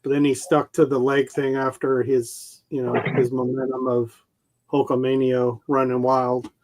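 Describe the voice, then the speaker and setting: A man's voice: medium pitch, flat delivery, normal speed, darkish tone. A man co-hosting a live stream, chatting casually about his favorite wrestling moves in an easygoing, nostalgic way. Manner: easygoing, nostalgic, chuckles often. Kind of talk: casual chat.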